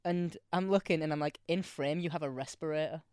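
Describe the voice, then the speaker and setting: A man co-hosting a casual podcast, animated, laughing often and doing silly voices for the people he quotes. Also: a little high, brisk, clear, resonant tone, no echo, clean studio sound. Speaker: podcast co-host. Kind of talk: casual chat.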